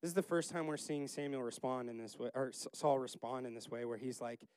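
A man leading a casual Bible study, chatty and laughing, acting out the characters in quick asides. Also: mid-range voice, fairly even intonation, darkish tone, smooth, dry recording.

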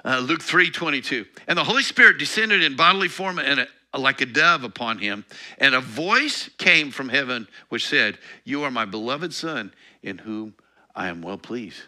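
Bright-voiced man preaching conversationally. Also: medium pitch, animated, normal speed. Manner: conversational teaching with laughs and self-corrections. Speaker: pastor. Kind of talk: sermon.

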